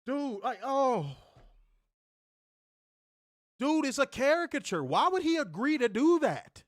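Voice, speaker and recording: A man's voice: very high-pitched, sing-song, slow pace, no room sound, clean studio sound. A man co-hosting a wrestling review show, ranting in a profane, exasperated way during casual podcast commentary.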